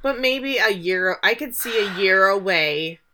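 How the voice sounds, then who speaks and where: A young adult woman co-hosting a podcast, recapping a show in a casual, sarcastic chat full of quick asides. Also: mid-range voice, animated, bright, forceful tone, slight background noise.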